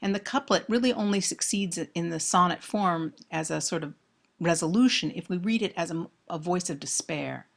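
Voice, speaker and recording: A woman's voice: fairly low pitch, gravelly. A woman giving a close-reading lecture on poetry, thoughtful and emphatic on key words. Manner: thoughtful, emphatic on key words, reads verse aloud slowly.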